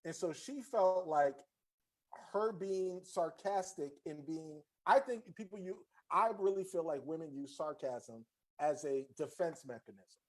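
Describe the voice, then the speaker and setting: A man's voice: fairly high pitch, animated, unhurried, darkish tone. A man hosting a casual podcast chat, slangy and talkative, often repeating his words as he tells a story. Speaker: podcast host.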